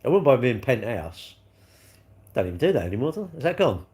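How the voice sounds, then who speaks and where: A man's voice: medium pitch, very animated, fairly quick, a little mellow. Cheeky guy on stream. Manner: rambling, cheeky banter, swearing. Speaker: live streamer. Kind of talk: casual live-stream chat with viewers.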